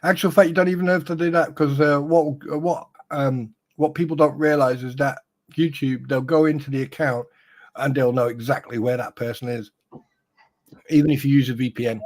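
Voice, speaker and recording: A man's voice: medium pitch, fairly even intonation, moderate pace. A man chiming in on a casual livestream chat, talkative and opinionated with a joking edge.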